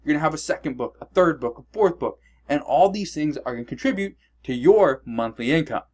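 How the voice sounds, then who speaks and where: Male vlogger, somewhat high voice, emphatic and coaching, casual direct address. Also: lively intonation, a little fast. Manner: emphatic, keeps checking in with "okay?" and "all right?"; blunt and coaching. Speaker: online business vlogger. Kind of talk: casual direct-to-camera advice.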